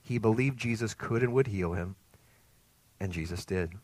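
A man preaching a sermon as pastor, earnest and emphatic, rising to loud peaks and dropping to soft, hushed phrases. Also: fairly low pitch, moderate pace, dry recording.

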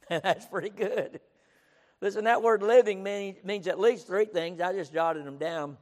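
A man's voice: high voice, unhurried, darkish tone. A male pastor preaching a sermon in an emphatic style, repeating his points and often breaking in with "listen". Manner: emphatic, repeats himself, keeps saying "listen". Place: auditorium. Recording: reverberant auditorium.

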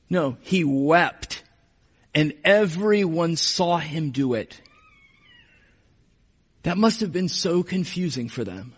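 A man preaching a sermon as pastor, moving between emphatic passages and hushed, slow reflection. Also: a little high, lively intonation, slightly rough, in a large hall.

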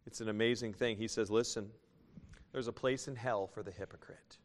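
A man's voice: lowish voice, steady tone, fairly quick. Preacher man in a reverberant hall. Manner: folksy, reads scripture aloud and tells jokes. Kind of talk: sermon.

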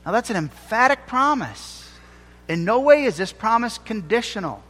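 A man preaching a sermon as pastor, emphatic, slowing down to stress key phrases. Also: high-pitched, very animated, fairly bright tone, long reverb tail.

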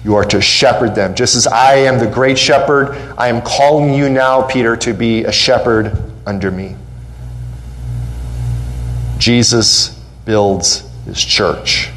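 A man's voice: mid-range voice, steady tone, slow pace, a bit bright, slight background noise, poor audio. Man preaching with rising fervor. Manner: impassioned preaching, voice rising on questions and quotes; repeats phrases for emphasis. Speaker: pastor. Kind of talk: sermon. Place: church sanctuary.

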